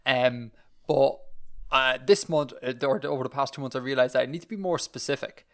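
A man's voice: medium pitch, a little fast, a bit bright. A man with an Irish accent co-hosting a podcast, rambling and self-deprecating as he chats. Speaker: podcast co-host. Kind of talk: casual chat.

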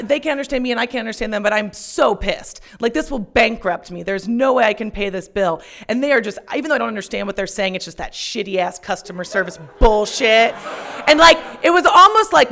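A young woman telling a personal story on stage, profane and self-mocking, shouting out her punchlines. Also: on the high side, fairly quick, creaky.

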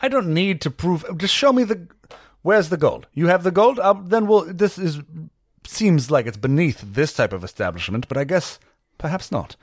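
Proud armored warrior, stiff and formal, pitch swinging widely, as a man plays him; dry sound. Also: lively intonation, normal speed, no echo.

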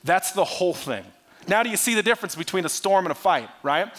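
A male pastor preaching a sermon with animated delivery, swinging between loud bursts and hushed, quiet lines. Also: sits high, fast talker.

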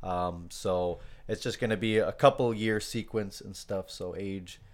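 A man chats on a podcast in a relaxed, unscripted way. His voice sits low and sounds smooth and clear. He hesitates often, filling gaps with ums as he checks his notes. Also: unhurried. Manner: hesitant, many fillers, loses his place. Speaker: podcast co-host. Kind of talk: casual podcast discussion.

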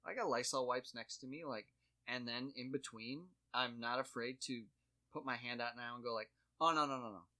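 A man's voice: medium pitch, moderate pace. A man in his thirties chatting casually and joking, acting out quoted voices as he tells stories. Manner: animated storyteller, acts out quotes. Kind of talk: casual comedic chat.

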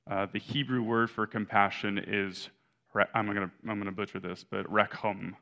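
A man's voice: fairly low pitch, steady tone, brisk, creaky, pushed and bright. A young adult man preaching a sermon as pastor, in a conversational way, correcting himself and often adding "right?" asides.

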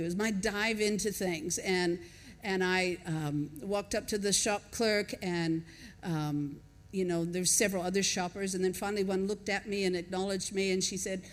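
An older American woman with an accent softened by decades abroad gives a conversational sermon. Her voice sits at a middle pitch. She tells stories and laughs along with her listeners, and a long reverb from a large church hall surrounds her words. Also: fairly even intonation, moderate pace. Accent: American, softened by years in Australia. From United States. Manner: conversational, storytelling, laughs with the congregation. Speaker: pastor. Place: church auditorium.

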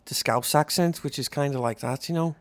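A man's voice: a little high, a little fast, dry recording. A man with a London accent co-hosting a casual film podcast, playful and fond of putting on regional voices. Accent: London English. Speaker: podcast co-host.

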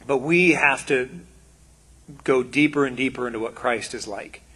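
A man giving a casual, conversational sermon, animated and full of quoted asides. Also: mid-range voice, moderate pace, slightly rough. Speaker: preacher.

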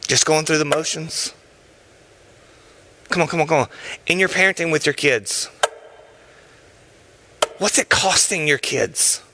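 A man's voice: on the high side, measured pace, pauses often, pushed and bright, slight background noise. A man preaching a sermon in an emphatic, impassioned and urgent way.

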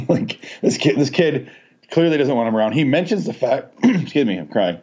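A man's voice: mid-range voice, moderate pace, breathy edge. A man co-hosting a podcast, chatting casually about a movie, cursing freely and laughing often. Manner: profane, laughing, animated storytelling. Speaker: podcast co-host. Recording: dull lo-fi audio.

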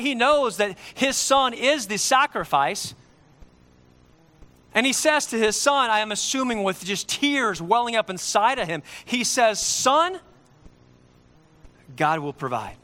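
A man preaching a sermon, emphatic and repeating key lines slowly for effect. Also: very high voice, pushed and bright.

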